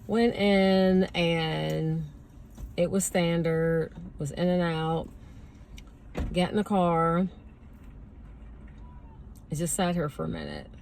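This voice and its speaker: A woman's voice: lowish voice, slow pace, vocal fry, long pauses, a little hiss or hum. A woman vlogger casually and animatedly telling a story while sitting in a parked car. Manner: chatty, animated retelling.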